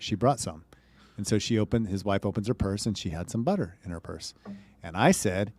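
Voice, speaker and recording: A man co-hosting a casual sports podcast, telling jokey stories and trading quick comebacks. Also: fairly low pitch, darkish tone. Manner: joking storyteller, quick comebacks. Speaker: podcast co-host. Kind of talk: casual chat.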